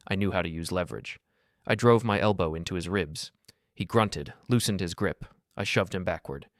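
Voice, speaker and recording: An older man narrating a dramatic first-person story in a steady, scripted manner. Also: deep voice, normal speed, no echo, studio quality.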